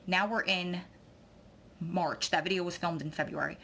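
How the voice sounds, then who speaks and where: A woman's voice: on the low side, steady tone, moderate pace, creaky, bright, forceful tone, slight background noise. Babbling emotional woman vlogger. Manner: babbling, tearful, effusive. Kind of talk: rambling emotional vlog chat.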